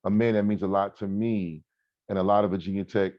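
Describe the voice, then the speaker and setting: Animated man in his forties, low voice. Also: brisk, no room sound, lo-fi sound. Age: 40s. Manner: animated, emphatic storytelling. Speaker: podcast co-host. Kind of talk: casual podcast chat.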